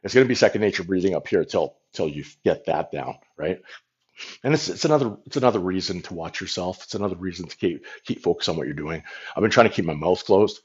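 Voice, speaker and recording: A man's voice: deep voice, animated, fast, husky, lo-fi sound. A man hosting a casual livestream, rambling frankly and swearing casually into a phone. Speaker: livestream host.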